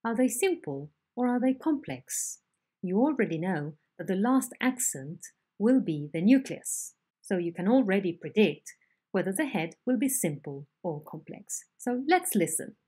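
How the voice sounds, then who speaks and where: A woman teaches phonetics in a recorded lesson, her mellow voice rising and falling widely as she models intonation. She speaks slowly and deliberately, spelling out each point. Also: medium pitch, very animated, slightly rough. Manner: slow, deliberate explanations with modelled intonation examples. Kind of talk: recorded online lecture.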